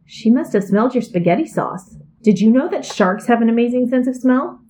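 A woman's voice: a little high, animated, fairly quick, mellow, a little hiss or hum, lightly acted. A woman doing a nosy storybook neighbor. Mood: curious. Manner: curious, questioning.

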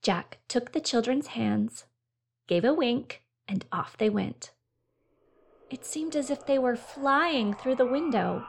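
A woman reads a children's storybook aloud in a gentle, clear manner. Her voice sits fairly high but carries a noticeable gravelly fry. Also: expressive, takes it slowly. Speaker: narrator. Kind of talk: storybook reading.

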